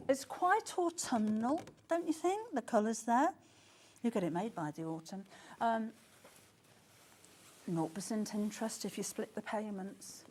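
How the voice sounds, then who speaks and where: A woman with a slightly high voice hosts a live TV shopping show. She is excitable, gasping and exclaiming as stock sells, and there is a faint noise in the background. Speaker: shopping channel presenter. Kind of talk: live TV selling. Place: TV studio.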